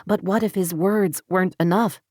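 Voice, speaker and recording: A woman narrates a romance audiobook in a steady, even storytelling style, with medium pitch and normal speed. The scripted narration is studio quality and dry.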